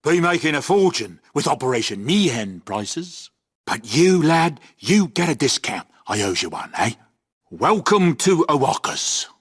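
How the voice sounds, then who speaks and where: A wheedling merchant pitches his wares with folksy patter in a game. His raspy voice leaps wildly up and down. He sounds sly and chatty. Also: very animated, unhurried, exaggerated voice. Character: scheming chatty male merchant.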